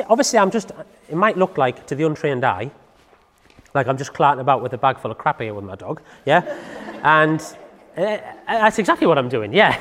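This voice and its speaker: A man's voice: a little high, long reverb tail. A man, a dog trainer explaining in a casual chatty way, full of tag questions. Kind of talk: casual instructional talk to camera.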